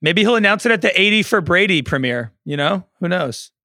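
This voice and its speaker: A man co-hosting a sports podcast who tosses in quick, teasing quips. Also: high voice, expressive, sharp tone, no room sound, studio quality. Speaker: podcast co-host. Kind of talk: casual sports podcast banter.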